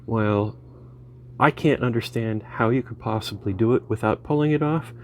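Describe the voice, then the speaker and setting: A man's voice: medium pitch, moderate pace, darkish tone, slight background noise. A man talking casually through a DIY car repair in his garage, rambling and joking wryly as he works. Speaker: home mechanic vlogger.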